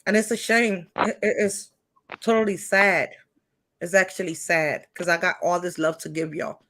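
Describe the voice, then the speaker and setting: A woman's voice: on the low side, moderate pace. Emphatic woman preaching in casual chat. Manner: animated, preachy and emphatic, says she feels hyper.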